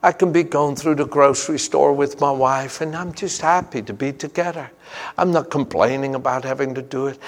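A man's voice: on the high side, fairly quick. A man preaching a sermon, fervent and emphatic, weaving personal stories into his message. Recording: long reverb of a large hall.

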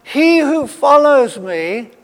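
A man delivers a sermon in a high voice at an unhurried, deliberate pace. He leans hard on his points and repeats key phrases. Long reverb trails every line, as in a large hall. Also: sing-song, fairly bright tone. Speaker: preacher.

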